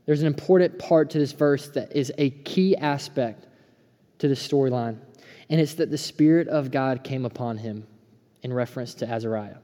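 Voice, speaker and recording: A man in his thirties preaching a sermon as pastor, earnest and urgent, dropping to a hush and then rising fired-up. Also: medium pitch, normal speed. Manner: earnest, swings between hushed and fired-up. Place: church sanctuary. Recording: preaching in a hall with long reverb.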